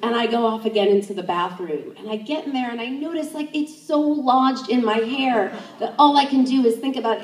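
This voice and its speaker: A young woman tells a personal story, her slightly high voice leaping up whenever she acts out her own thoughts. She sounds set back from the microphone, in a reverberant room. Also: fairly quick, hardly any pauses. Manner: animated, acts out her own inner thoughts in jumps of pitch. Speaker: sex educator. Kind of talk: live first-person storytelling. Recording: roomy, distant stage mic.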